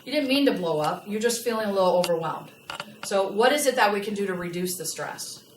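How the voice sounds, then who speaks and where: A woman giving a lively customer service training talk to a live audience and asking them questions. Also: mid-range voice, a little fast. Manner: animated, asks the audience questions. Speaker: workplace trainer. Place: large room with a live audience. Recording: echoey room, from a distance, faint noise.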